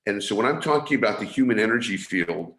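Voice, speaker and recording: A man's voice: lowish voice, animated, quick pace, fairly bright tone. A man from San Francisco, a guest on a video call, earnestly explaining his training and often restarting his phrases. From San Francisco, USA. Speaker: guest, energy awareness trainer. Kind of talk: explanatory interview talk. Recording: roomy video call audio.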